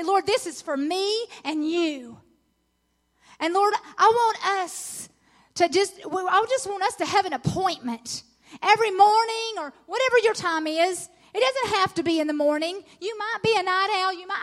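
A very high voice carries this middle-aged woman's sermon at a women's conference. Earnest and encouraging throughout, she builds to excited emphasis as she reads scripture.

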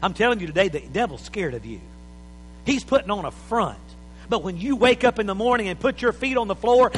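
A man preaching an impassioned sermon in a church, building to shouts. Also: high-pitched, lively intonation, brisk, slightly rough, big-room sound, rough recording.

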